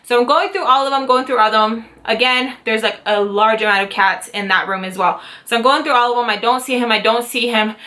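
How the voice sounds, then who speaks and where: A woman in her twenties telling a story to camera in a casual vlog, animated and dramatic, with swearing and acted-out quotes. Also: on the high side, a little fast, few pauses. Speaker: YouTube storyteller, mother.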